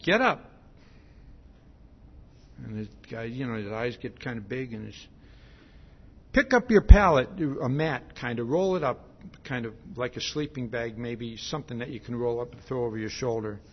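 Husky man preaching a conversational sermon. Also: mid-range voice, fairly quick. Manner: repeats words, asks "See?" often, acts out quotes. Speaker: pastor. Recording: dull lo-fi sound.

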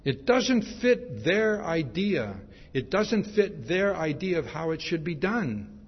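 A man's voice: fairly high pitch, big pitch swings, slow, breathy edge, big-room sound, muffled recording. A man preaching a sermon in a conversational way, often checking in with his listeners. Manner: conversational, repeats "see?" often.

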